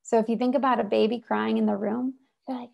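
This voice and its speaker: A woman giving an inspirational talk over a video call, animated and emphatic. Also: on the high side, fast talker, gravelly, highs cut off. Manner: animated and emphatic, acts out voices. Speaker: presenter.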